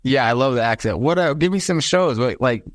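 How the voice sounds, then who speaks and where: A man's voice: mid-range voice, animated, a little fast, dry recording, clean studio sound. A young American man with an American accent, a guest chatting in a friendly, loose way. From United States. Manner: friendly, casual, says dude and like a lot. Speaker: podcast guest. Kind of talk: casual interview chat.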